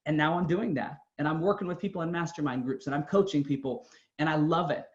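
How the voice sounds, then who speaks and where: A man with a fairly high voice gives an earnest motivational talk, pressing his points with emphasis as he tells his own story. The sound is dull and lo-fi. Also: quick pace, reverberant. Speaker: motivational speaker.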